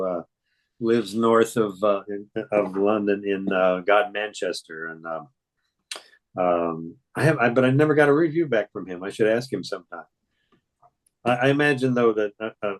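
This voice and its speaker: A man's voice: on the low side, poor audio. An older man, a voice actor, telling stories in a rambling, hesitant way during a casual interview. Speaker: voice actor guest.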